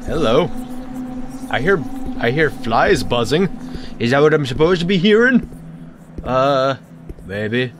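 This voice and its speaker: A man's voice: medium pitch, very animated, takes it slowly, long pauses, noisy background. A man hosting a horror game let's play, talking in a playful way with silly made-up words.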